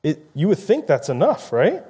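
Man, preacher, conversational sermon, dark mellow tone, acts out quotes. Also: on the high side, huge pitch swings, normal speed, husky.

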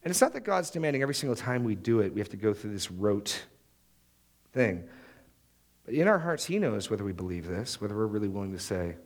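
A man's voice: on the low side, big pitch swings, fairly quick. A married man preaching a sermon, acting out the prayers and excuses he quotes. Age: adult, married. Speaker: pastor.

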